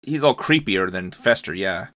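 Bright, dry-sounding man on a movie podcast. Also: low voice, lively intonation, normal speed, no room sound. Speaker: podcast co-host. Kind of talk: casual film discussion.

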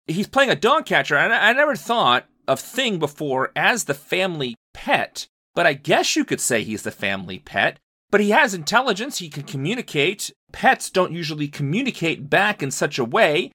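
A man chats about a film on a podcast, thinking aloud as he goes. His voice is bright and forceful, recorded dry and close with no room sound. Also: on the high side, very animated, normal speed, slightly rough, no room sound. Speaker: podcast co-host. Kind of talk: casual film discussion.

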